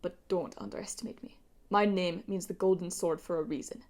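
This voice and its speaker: A woman's voice: on the low side, fairly even intonation, a little fast, a little mellow, natural voice. Chrysaor, a sneering pirate villain, as a woman puts him on. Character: arrogant bitter male pirate villain, Medusa's son.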